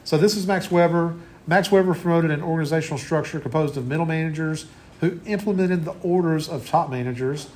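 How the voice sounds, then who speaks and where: A man's voice: on the high side, brisk, slight background noise. A man in his forties giving a conversational classroom lecture as college instructor, often restarting his sentences. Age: 40s.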